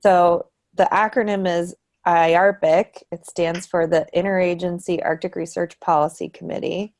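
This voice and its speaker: A woman giving a relaxed online tutorial presentation, with frequent ums. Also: lowish voice, moderate pace, vocal fry. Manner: relaxed, many ums, light laughs. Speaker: presenter for a research committee.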